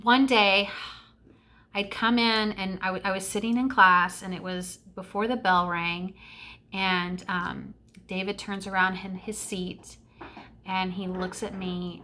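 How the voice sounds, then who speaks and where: A woman's voice: medium pitch, little pitch movement, unhurried, sharp tone. A middle-aged woman telling childhood stories in a casual vlog, gushing and emotional, with lots of fillers. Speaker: vlogger. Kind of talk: casual storytelling.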